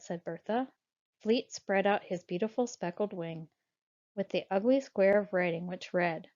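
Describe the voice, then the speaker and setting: A woman narrating a children's storybook in a measured, expressive reading voice. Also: mid-range voice. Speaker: audiobook narrator. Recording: dull lo-fi audiobook recording.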